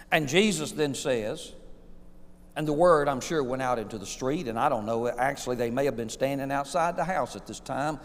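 A male pastor preaching a sermon, building to loud peaks and calling out for amens. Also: medium pitch, moderate pace. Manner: preaching with rising intensity, calls for amen. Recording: long reverb of a church hall.

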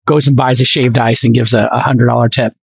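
A man co-hosting a podcast in casual chat, talking in an animated, emphatic and rambling way. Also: mid-range voice, fairly quick, creaky, slightly rough, dry recording. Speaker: podcast co-host.

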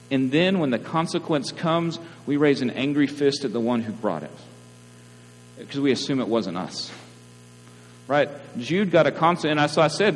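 A man's voice: medium pitch, expressive, moderate pace. A man, preaching a sermon in a conversational way and often checking in with listeners. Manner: conversational preaching with frequent "right?" asides. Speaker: pastor. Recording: reverberant hall, mains hum.

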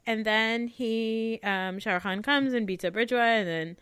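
A woman chatting casually as a co-host, retelling a film with giggles and animated acted-out quotes. Her voice is smooth and clear, recorded close and dry with no room sound. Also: fairly high pitch, measured pace, no echo. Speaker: podcast co-host. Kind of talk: casual chat recapping a film.

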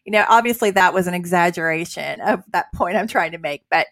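A woman's voice: fairly low pitch, a little fast, a bit bright, no room sound. A woman hosting a casual Christian talk, earnest and conversational with many fillers. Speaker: host.

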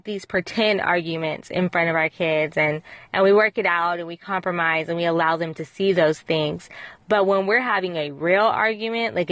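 Earnest low-voiced woman host. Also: no room sound. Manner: earnest, reflective, with frequent fillers and restarts. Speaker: parenting podcast host. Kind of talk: casual advice talk.

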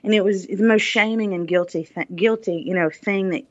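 A woman's voice: medium pitch, moderate pace. A woman guest on a podcast interview, telling a personal story in an earnest, reflective way, often saying "you know". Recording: dull lo-fi dry recording.

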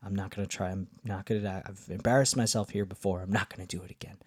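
A man's voice: low voice, steady tone, quick pace, a little mellow, husky, no room sound, studio quality. A man hosting a podcast, telling a casual travel story in a rambling way, with lots of fillers and restarts. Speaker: podcast host.

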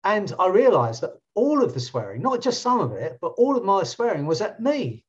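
A man's voice: high-pitched, huge pitch swings, moderate pace, dull audio. An English man with an English accent, a coach telling stories in casual podcast chat, with many restarts. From England. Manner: storytelling, chatty, many restarts. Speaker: coach and trainer.

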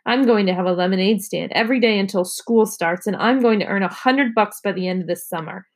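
A woman's voice: mid-range voice, a little fast, close to an everyday voice. A woman reading aloud, voicing a stubborn fourth-grade boy with a sulky, scornful tone.

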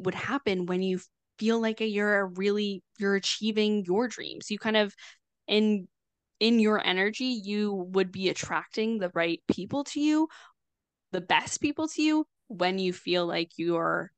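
A woman astrologer talks through ideas in an easy, chatty way, full of fillers and quick restarts. Her voice is smooth and clear, and the sound is dry and close. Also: medium pitch, dry recording. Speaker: astrologer guest. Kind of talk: casual explanatory conversation.

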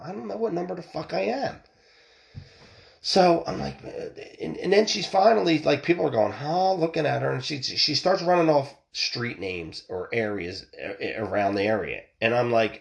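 A man's voice: medium pitch, creaky. A middle-aged man ranting and telling a story bluntly, swearing often and restarting his sentences. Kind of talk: profane ranting monologue.

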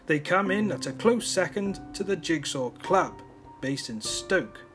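A man with a fairly high voice delivers a deadpan, mock-serious comic monologue into his phone's microphone. He gets flustered and stammers whenever he is interrupted. Music plays clearly under him. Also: measured pace. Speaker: podcast host.

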